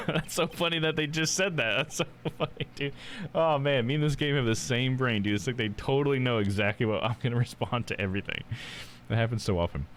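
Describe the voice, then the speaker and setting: Laughing, animated male streamer. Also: mid-range voice, fairly quick, a little hiss or hum. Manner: laughs often, says "dude". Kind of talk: casual live-stream chat while playing a game.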